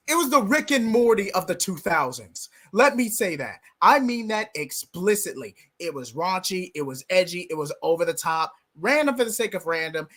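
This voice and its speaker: A man's voice: high voice, fairly bright tone. A man co-hosting a casual live stream, ranting about a comic with exaggerated mock-anguish. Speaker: co-host reviewing comics.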